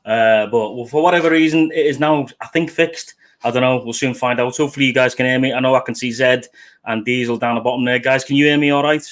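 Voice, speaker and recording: A man's voice: medium pitch, steady tone, fast talker. A British man hosting a casual livestream show, chatting and swearing while he fixes his webcam setup. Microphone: webcam setup at a desk.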